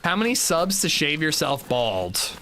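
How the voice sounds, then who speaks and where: A man's voice: on the high side, sing-song, unhurried, sharp tone, a little hiss or hum. A young man streaming a video game, chatting casually and profanely with his viewers while he plays. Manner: chatty, loose and profane, reads and answers chat. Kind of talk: casual livestream chat while gaming.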